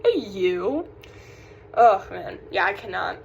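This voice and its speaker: A woman's voice: medium pitch, big pitch swings, slow pace, vocal fry, highs cut off. Young woman, light Southern accent, casual rambling vlog chat, sighs between thoughts, faint background hiss. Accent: Southern American. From South Carolina. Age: young adult. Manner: rambling, distracted, sighing. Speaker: vlogger.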